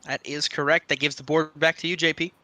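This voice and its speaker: A man hosting a casual online trivia game, joking with players and reading clues quickly. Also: on the high side, level tone, pushed and bright, no echo.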